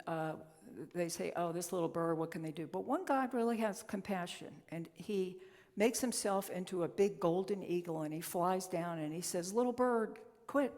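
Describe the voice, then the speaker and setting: A woman's voice: on the low side, a little mellow. A woman minister giving a conversational, story-telling sermon in a church sanctuary. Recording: long reverb in a church hall.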